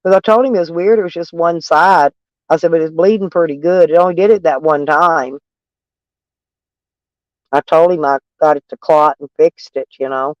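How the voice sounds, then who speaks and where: A man's voice: on the high side, moderate pace, no room sound, dull audio. A man with a stuffy nose chatting casually with viewers from his van, rambling and plainspoken. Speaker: van life vlogger. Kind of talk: casual live chat with viewers. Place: in a van, door open.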